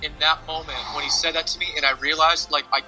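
A man's voice: on the high side, little pitch movement, quick pace, over loud music. A man, a singer being interviewed, telling a personal story in an earnest, heartfelt way with many restarts. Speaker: lead singer, interview guest. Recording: dull lo-fi audio.

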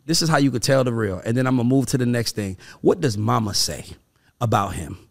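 A man's voice: mid-range voice, fairly quick, creaky. A man hosting a casual podcast, joking and acting out quotes in playful voices. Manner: animated, acts out quotes in funny voices. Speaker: podcast host.

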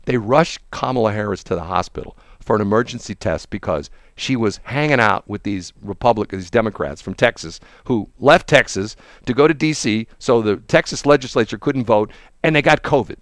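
A man's voice: a little fast, no echo, clean studio sound. A man in casual political chat, mocking and laughing often as he tells a story. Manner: chatty, mocking, laughs often, mimics people in high voices. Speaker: co-host.

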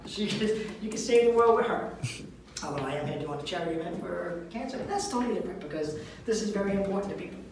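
A man's voice: high voice, expressive, fast talker, a little mellow, slight background noise. A man from the telling profane stories in a stand-up comedy set at a live venue. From Lynn, Massachusetts. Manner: brash, profane storytelling. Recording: echoey venue from far off.

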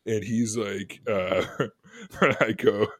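A man's voice: on the low side, takes it slowly, no echo, clean studio sound. A man telling a funny story on a casual podcast, laughing often as he talks. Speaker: podcast co-host.

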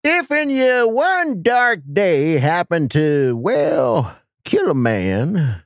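A man's voice: a little high, very animated, dry recording, clean studio sound, voice pushed up, full character voice. A man doing a creepy old-time storyteller. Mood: ominous drawl. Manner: slow, ominous, folksy drawl. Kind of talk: dramatic reading.

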